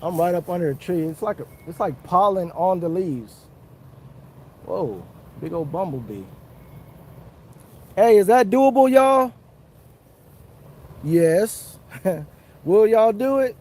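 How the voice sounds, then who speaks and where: A high-voiced man talks with viewers on an outdoor fishing livestream from under a tree, unhurried and a little mellow, leaving long pauses. He's chatty, earnest and repetitive, chuckling as he goes, with a little hiss or hum in the audio.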